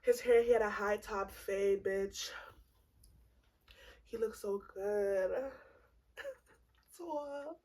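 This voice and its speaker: A woman in her twenties telling a comedic storytime, animated and swearing freely, laughing often. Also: mid-range voice, slow pace, pauses often, poor audio. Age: 20s. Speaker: vlogger.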